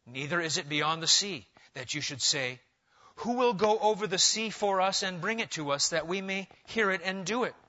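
Preacher, male, high and bright tone, animated delivery, muffled lo-fi sermon tape. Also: moderate pace. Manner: animated preaching, swinging between loud emphasis and quiet asides. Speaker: pastor. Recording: dull, lo-fi sermon recording.

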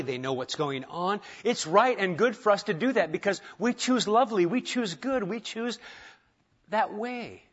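A man preaching a sermon to his congregation, conversational and self-deprecating, moving from quiet asides to emphatic points. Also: high voice, lo-fi sound. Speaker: pastor. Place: church sanctuary.

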